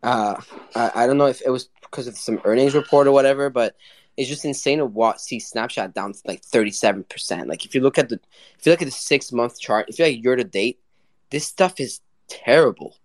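A man hosting a casual live audio chat, excitable and rambling, often breaking into giggles. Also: medium pitch, a little fast. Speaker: podcast host.

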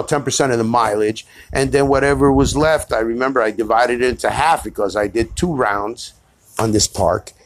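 A man's voice: medium pitch, no room sound. A middle-aged man, hosting a solo podcast in a rambling, self-deprecating way with some swearing. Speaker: podcast host.

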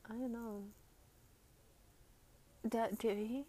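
A woman's voice: fairly high pitch, fairly even intonation, drawn-out words, dark tone. A young woman casually telling a story to her viewers, chatty and profane, with lots of "like" fillers. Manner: chatty and profane, heavy use of "like".

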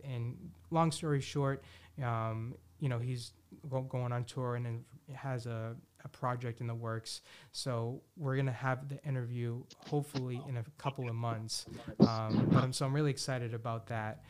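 A man's voice: medium pitch, level tone, moderate pace, darkish tone, clean tone. A man hosting a podcast in casual chat, rambling with many restarts and fillers, swearing freely and sounding enthusiastic. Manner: enthusiastic about music predictions. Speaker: podcast host. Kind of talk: casual solo talk.

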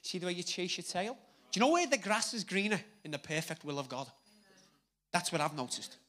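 A man with a Liverpool accent preaching a live sermon on a handheld microphone, conversational and swinging between loud emphasis and hushed asides. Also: high voice, animated, brisk. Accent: Liverpool (Scouse). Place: church hall with congregation.

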